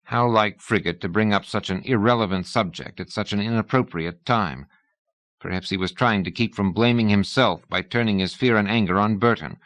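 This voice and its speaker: A man narrating an audiobook in a measured, even reading style. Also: on the low side, no room sound. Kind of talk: scripted narration.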